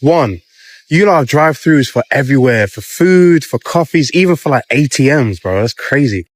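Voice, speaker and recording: A young British man runs through a list to camera in a laid-back, slangy way. His voice sits in a middle pitch, and the sound is close and dry with no room echo. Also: expressive, moderate pace. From United Kingdom. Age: 20s. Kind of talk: casual listing to camera.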